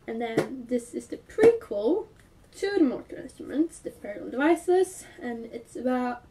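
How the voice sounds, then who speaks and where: High-voiced woman with a cold. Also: a little slow, far from the mic. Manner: chatty and excitable, rambling with filler words. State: congested with a cold. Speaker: book vlogger. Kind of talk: casual book review chat.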